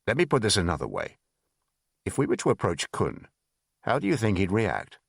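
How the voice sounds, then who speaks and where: A man's voice: fairly low pitch, huge pitch swings, normal speed, creaky, no echo, studio quality, full character voice. A man voicing a stern senior Soviet intelligence officer who gives curt commands. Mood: commanding.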